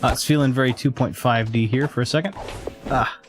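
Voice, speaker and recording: A man's voice: mid-range voice, steady tone, brisk. Chatty male let's-player, laughs easily, thinking aloud, with background music. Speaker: gameplay streamer. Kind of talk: casual let's-play commentary.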